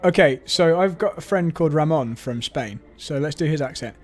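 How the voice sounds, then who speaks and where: A man's voice: fairly high pitch, normal speed, hardly any pauses, soft background music. A man hosting a live stream, reading viewer comments aloud and adding wry asides.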